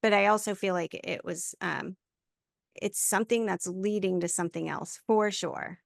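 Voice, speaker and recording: A woman hosting a poker podcast, chatting in an encouraging, friendly way. Her voice has a gravelly, fry-tinged texture. The recording is dry and close, with no room sound. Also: medium pitch, normal speed, no room sound. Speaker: podcast host. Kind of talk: casual podcast interview.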